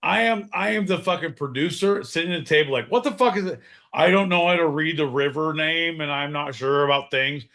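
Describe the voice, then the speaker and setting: A man playing a pompous, short-tempered theater producer who rants loudly and swears. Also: on the high side, fairly quick, pitched above the performer's own voice. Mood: ranting. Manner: loud, ranting, profane.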